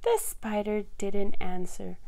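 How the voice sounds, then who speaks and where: A woman's voice: medium pitch, fairly even intonation, slow pace, gravelly, dark tone. A woman hosting a children's story time, reading a picture book aloud and doing the farm animal sounds in a sing-song way.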